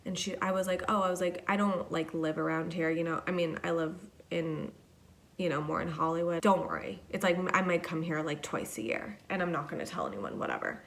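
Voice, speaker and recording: A woman's voice: fairly low pitch, brisk, creaky, a bit bright, a little hiss or hum. A young woman hosting a podcast alone, telling a story in a chatty, casual way, swearing and saying "like" a lot. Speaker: podcast host.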